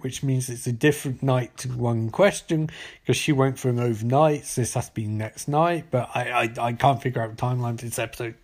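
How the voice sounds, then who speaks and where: A man casually recapping and reviewing a TV episode in a loose, chatty way. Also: mid-range voice. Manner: chatty, loose, with frequent restarts.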